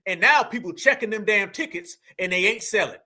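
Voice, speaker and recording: Fiery high-voiced man ranting. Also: expressive, brisk, bright, forceful tone. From United States. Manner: fiery, profane, slangy, emphatic repetition. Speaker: commentary channel host. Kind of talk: heated commentary monologue.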